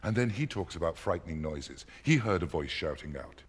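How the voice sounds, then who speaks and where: A man explaining a play as a lecturer, emphatic and expressive. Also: deep voice, a little fast, slight background noise. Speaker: literature lecturer. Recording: long hall reverb.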